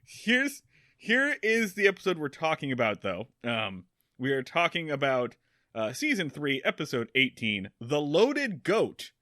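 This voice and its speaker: A man co-hosting a comedy podcast, talking excitedly in casual chat and swearing freely. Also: fairly high pitch, a little slow, dry recording, clean studio sound. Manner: excitable, swearing, jumps into silly quotes. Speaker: podcast co-host.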